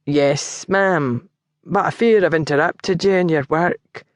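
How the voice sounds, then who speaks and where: A woman's voice: deep voice, takes it slowly, no room sound, studio quality. A woman voicing a young Scottish lord with a broad brogue, speaking bluntly in an audiobook. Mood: polite. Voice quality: broad brogue with dialect words. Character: young Scottish lord, brash and quick-tempered.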